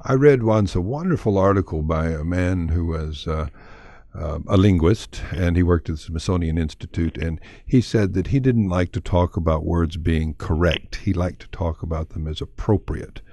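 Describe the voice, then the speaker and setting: Low-voiced guy hosting a radio chat, short quick questions, dry close sound. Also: warm tone, no room sound. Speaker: radio host. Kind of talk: radio interview.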